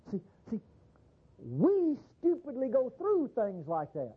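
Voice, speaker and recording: A man preaches a sermon, conversational and animated, his pitch swooping widely as he acts out quick little voices. His tone is husky and a bit breathy. The recording sounds dull and lo-fi. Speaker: pastor.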